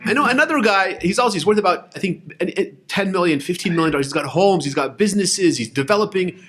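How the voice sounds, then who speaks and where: A man's voice: high voice, animated, fast talker, few pauses, a bit bright. A young man speaking casually, urging listeners to move to Israel and telling stories with voiced quotes and frequent restarts. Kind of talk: casual spoken talk. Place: lives in Israel.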